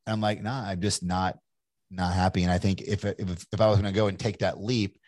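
A man's voice: deep voice, little pitch movement, a little fast, darkish tone, dry recording. A man in his forties from Kentucky, an entrepreneur telling his story in a candid, rambling interview with many restarts. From Kentucky, USA. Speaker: entrepreneur guest.

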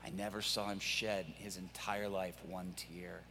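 A man voicing the stunned older brother of a prison inmate, speaking low and subdued. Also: little pitch movement, a little slow, bright, forceful tone, in a large hall, a little hiss or hum, exaggerated voice.

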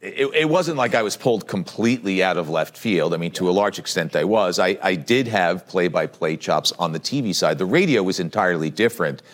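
Low-voiced broadcaster with a lively delivery. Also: male voice, fairly quick, few pauses. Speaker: play-by-play broadcaster, podcast host. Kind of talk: casual interview chat.

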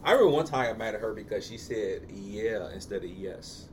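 A man's voice: on the low side, animated, racing, darkish tone, a little hiss or hum. A man co-hosting a casual podcast with his partner, talking in a laid-back, slangy way and drawing out words for emphasis. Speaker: podcast co-host. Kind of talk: casual couple chat.

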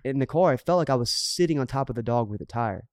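On a podcast, a middle-aged co-host tells a story in a casual chat, speaking briskly with earnest animation and acting out what people said. His voice is mid-pitched, and the recording is dry with no room sound.

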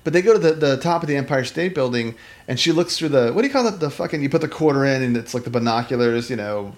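A podcast co-host with a fast, mid-range voice chats casually about a film. He's animated and rambling, full of restarts and fillers, and acts out lines in voices.

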